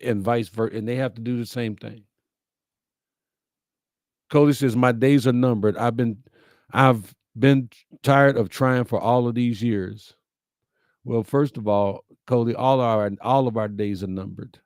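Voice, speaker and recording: A man's voice: medium pitch, fairly even intonation, measured pace, darkish tone, clear, resonant tone, no room sound, studio quality. A middle-aged man, hosting a livestream, reading viewer comments and answering them in a folksy, heartfelt, preacherly way. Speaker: host of a live-streamed message show.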